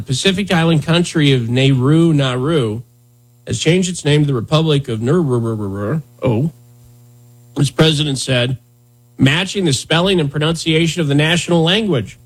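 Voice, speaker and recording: A man's voice: on the high side, moderate pace, slightly rough. A man in his thirties hosting a podcast in casual comedic chat, sarcastic and rambling with jokey asides. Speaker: podcast host.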